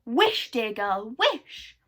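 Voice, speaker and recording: A woman voicing an excitable magical man from a storybook, yelling frantically. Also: sits high, normal speed, voice pushed up, close to an everyday voice. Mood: urgent.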